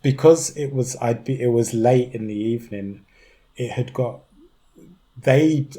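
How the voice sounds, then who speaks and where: A young man from East London with a London accent, a podcast guest telling a story in an animated way, laughing often and mimicking the voices of others. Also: medium pitch, unhurried. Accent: London English. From East London, England. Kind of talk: conversational storytelling.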